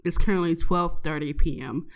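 A young woman, a college student, tells a profane story about her day in a casual audio diary, animated and laughing as she goes. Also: deep voice, normal speed. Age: young adult.

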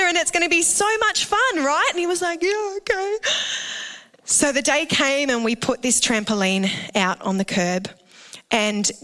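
Bright-voiced Australian woman preaching. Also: on the high side. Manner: animated, jokey asides to the congregation. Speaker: pastor. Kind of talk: sermon with personal storytelling. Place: church auditorium. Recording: reverberant hall.

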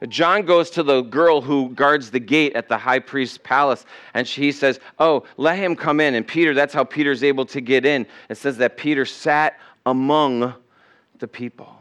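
A pastor with a clean, fairly bright mid-range voice preaches at a moderate pace, keeping his tone conversational. Standing in a church sanctuary, he now and then acts out the quoted voices in his story.

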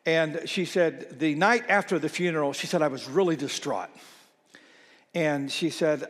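A male pastor with a high, light voice delivers a storytelling sermon, acting out the people he quotes. He sometimes sinks to a hushed, almost whispered tone, and his voice rings out with a long echo in a big church hall. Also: normal speed. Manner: storytelling, quoting others in lively retellings, dropping to soft near-whispers. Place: church sanctuary.

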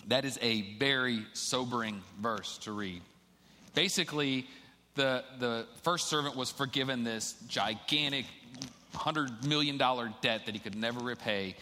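A man's voice: mid-range voice, unhurried, bright, forceful tone, slight background noise. A man preaching a sermon in a casual, conversational way, reading scripture aloud and then explaining it to the church. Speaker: pastor. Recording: long hall reverb.

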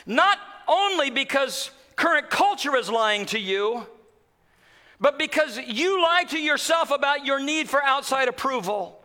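Male pastor, middle-aged, very high bright voice, sermon with big dynamic swings. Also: lively intonation, unhurried. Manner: dramatic swings from loud to hushed.

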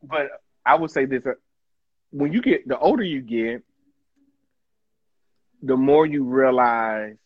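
A man's voice: medium pitch, slow pace, pauses often. A male host in casual chat, breaking in with sassy, playful remarks. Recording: muffled lo-fi sound.

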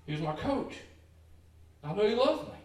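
A man's voice: sits high, sing-song, moderate pace, a little mellow. A man preaching a sermon as pastor, telling folksy stories and calling out to his congregation. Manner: folksy storytelling with emphatic calls to the congregation. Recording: echoey church hall, distant mic.

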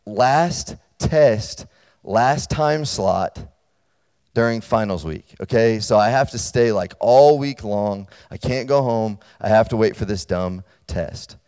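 A man preaching to college students, talking casually and checking in with them, and getting loud and animated as he tells a personal story. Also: on the low side, slow pace, clear, resonant tone. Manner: conversational, storytelling, checks in with listeners; grows loud and animated when telling a story. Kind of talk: sermon. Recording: long hall reverb.

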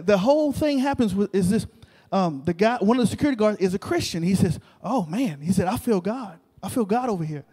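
High-voiced preacher in a reverberant hall. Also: male voice. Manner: animated, repetitive, talks to the crowd. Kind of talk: sermon storytelling. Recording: long reverb of a large hall.

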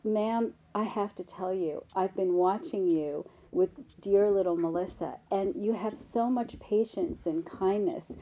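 Woman voicing polite male stranger, earnest, courteous, soft, slow. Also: medium pitch, dull audio. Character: polite admiring man, a stranger at a parking lot.

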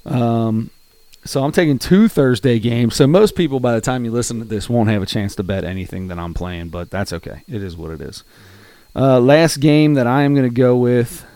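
A man's voice: mid-range voice, lively intonation, brisk, mellow, no room sound. A man co-hosting a casual sports betting podcast, rambling and getting out of breath as he talks. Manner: rambling, gets out of breath while talking. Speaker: podcast co-host.

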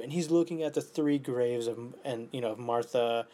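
A man in his twenties talking casually in an animated way, swearing often and swinging between loud outbursts and near-whispers. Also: mid-range voice, moderate pace. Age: 20s. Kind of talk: casual monologue.

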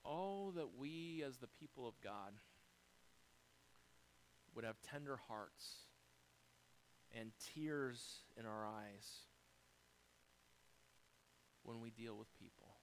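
An American man preaches from the pulpit in a middle-pitched voice. He lays out numbered points and talks straight to the congregation. His volume swings from forceful peaks down to soft, low phrases. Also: animated, takes it slowly, long pauses, slight background noise, low-quality recording. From United States. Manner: dynamic preaching, rising loud then dropping soft; speaks directly to congregation, lists numbered points. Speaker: pastor. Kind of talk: sermon.

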